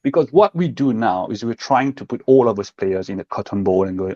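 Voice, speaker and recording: A man's voice: on the low side, normal speed, warm tone, dry recording, dull audio. A man co-hosting a football fan show, talking passionately and emphatically in casual chat and acting out what others say. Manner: passionate, emphatic, acts out quotes.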